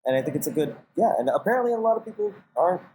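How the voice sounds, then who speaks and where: A man's voice: sits high, big pitch swings, rapid-fire, a little mellow, a little hiss or hum, poor audio. A man being interviewed as a guest on a podcast, talking casually and rambling with many fillers and restarts while acting out his own reactions. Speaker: podcast guest, casting director and manager.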